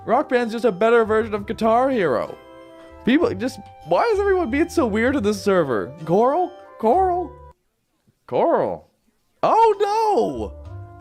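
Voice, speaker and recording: A man giving casual, jokey commentary while playing a game at home in his apartment, with sudden playful jumps in his voice. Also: high voice. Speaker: gaming video host. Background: neighbor's music.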